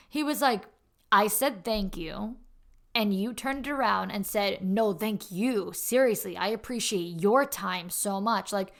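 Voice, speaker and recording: A woman's voice: mid-range voice, creaky. A young woman hosting a podcast, telling a personal story in a casual, earnest and candid way. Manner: earnest and candid, stumbles and restarts when excited. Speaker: podcast host.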